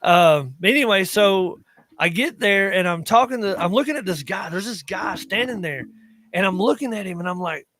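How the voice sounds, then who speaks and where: A man's voice: high voice, animated, normal speed, a bit bright, a little hiss or hum. A man in his thirties with an Appalachian accent, co-hosting a podcast and telling rambling stories in casual chat, often breaking off mid-sentence. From Appalachia, western North Carolina. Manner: rambling, self-interrupting storyteller. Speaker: podcast co-host.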